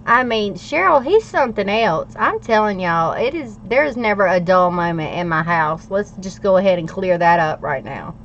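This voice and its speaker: A woman's voice: fairly low pitch, lively intonation, moderate pace, hardly any pauses, a little hiss or hum. Chatty woman hosting a livestream. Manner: chatty and playful, reads viewer comments aloud, laughs often. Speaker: livestream host. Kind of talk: casual livestream chat while journaling. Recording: slightly dull lo-fi audio.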